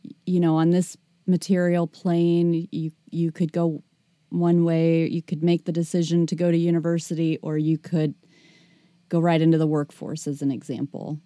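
A woman hosting a spiritual podcast in a chatty, relaxed way, with many fillers. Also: low-pitched, moderate pace, no echo, clean studio sound. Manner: warm, chatty, frequent laughter and fillers. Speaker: podcast host. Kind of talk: casual podcast chat.

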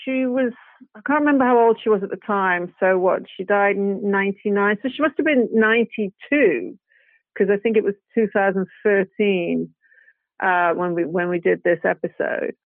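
A British guest actress with a medium-pitched voice speaks at a moderate pace in a casual interview. She chats and rambles, full of "you know"s, restarts and laughter, and the audio is dry, tinny and phone-like with no echo.

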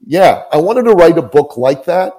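A man's voice: a little high, sing-song, normal speed, warm tone, low-quality recording. A man guest, a business coach, speaking earnestly and emphatically, often repeating his phrases as he tells an inspirational story.

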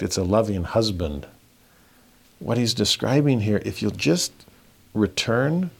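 A middle-aged man giving an earnest scripture commentary, reading verses slowly and telling a family story. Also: on the low side. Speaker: scripture teacher.

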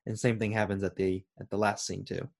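A man's voice: on the low side, flat delivery, fairly quick, creaky. A man co-hosting a casual movie chat, earnestly retelling scenes, with lots of ums and likes. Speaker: podcast co-host.

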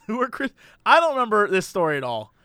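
High-pitched male co-host, quizzical and teasing, lively delivery. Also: clean tone, no echo, studio quality. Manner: quizzical, teasing, quick to laugh. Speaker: podcast co-host. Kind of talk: casual chat.

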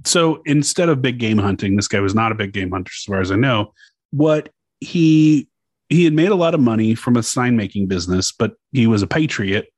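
A man's voice: mid-range voice, lively intonation, brisk, no room sound. A man from Louisiana with a Louisiana accent, co-hosting a casual podcast and telling a story in a joking, profane, laid-back way. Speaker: podcast co-host.

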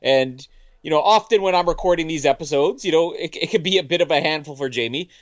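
A man's voice: on the high side, quick pace, dry recording, muffled recording. A man co-hosting a podcast, chatting casually and joking over a film commentary. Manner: laughing, jokey. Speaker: podcast co-host. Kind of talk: casual movie commentary chat.

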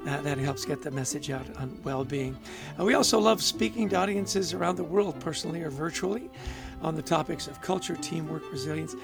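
A man co-hosting a podcast in casual chat, upbeat and quick to laugh. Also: a little high, gravelly, music in the background. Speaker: podcast co-host.

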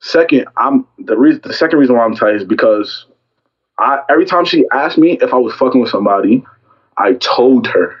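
A young man casually telling a story about a fight with a girlfriend, acting out both sides with lively quoted lines. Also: medium pitch, a little fast, breathy edge, muffled recording. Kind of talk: casual chat.

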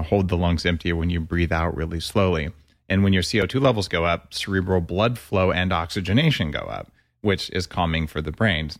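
A podcast host chats eagerly with his guest in a relaxed interview, speeding up when he gets excited. His voice is low, and the recording is dry and studio-clean.

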